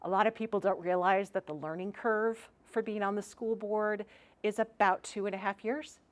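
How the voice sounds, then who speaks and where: A woman's voice: medium pitch, fairly even intonation, normal speed. A woman in her fifties giving an earnest candidate statement for school board.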